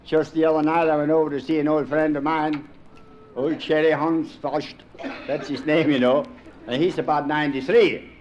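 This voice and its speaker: A man's voice: a little high, fairly even intonation, normal speed, a little mellow, dull audio, slight background noise. A middle-aged man with a Pennsylvania Dutch accent telling a folksy stand-up monologue in dialect grammar, chuckling at his own jokes. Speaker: comedian.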